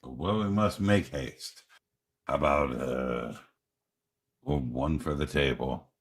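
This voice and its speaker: A man playing in a tabletop game, speaking in a laid-back, unhurried way. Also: very deep voice, breathy edge. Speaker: player.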